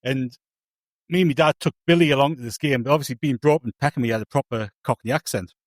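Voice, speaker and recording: A man's voice: medium pitch, fast, dry recording. Rambling man, dry sound. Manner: rambling, self-interrupting storyteller. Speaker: podcast co-host. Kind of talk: casual chat.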